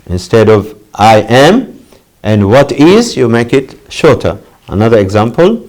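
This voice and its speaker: A middle-aged man teaching an English lesson for distance learners, halting with many fillers and lifting his voice to model phrases. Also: big pitch swings, a little mellow. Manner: pitch jumps up when modeling phrases.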